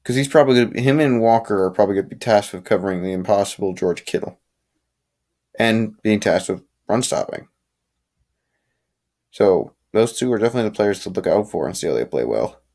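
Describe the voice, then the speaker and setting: A sleepy, yawning young man runs a late-night live chat for viewers, his voice lowish, brisk and a little mellow. His talk is casual and rambling, full of restarts and opinionated asides.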